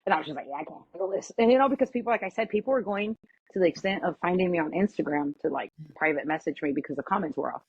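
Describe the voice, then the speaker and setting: A woman guest telling a story in casual chat, animated and full of "like", acting out what others said. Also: lowish voice, very fast, slightly rough, no room sound, dull audio. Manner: animated, acts out quoted voices, lots of "like". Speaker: podcast guest.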